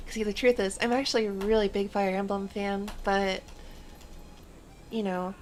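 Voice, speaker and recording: A woman's voice: mid-range voice, slight background noise. A woman streaming a game and chatting casually, rambling in a playful, self-mocking way. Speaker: VTuber streamer.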